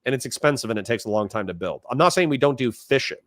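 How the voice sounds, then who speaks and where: A man from Florida hosts a casual livestream, reading chat messages and donations aloud and replying in a blunt, rambling way. His mid-range voice is animated, quick, and a bit bright, with a dry, clean studio recording.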